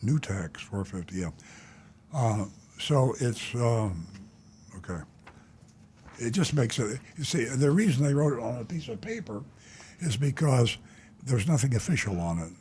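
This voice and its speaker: An older man hosts a call-in talk show in a blunt, indignant way, wandering off with plenty of "uh"s and restarts. His voice sits at an ordinary middle pitch, with a faint hiss underneath. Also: animated, a little slow, long pauses, darkish tone. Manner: blunt, indignant, rambling with many "uh" fillers. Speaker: talk show host, car dealer.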